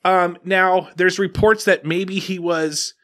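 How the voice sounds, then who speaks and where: A man's voice: high-pitched, fairly even intonation, takes it slowly, fairly bright tone. A man, around his thirties, hosting a podcast in casual chat, telling a story with many restarts and acted-out quotes. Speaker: podcast host.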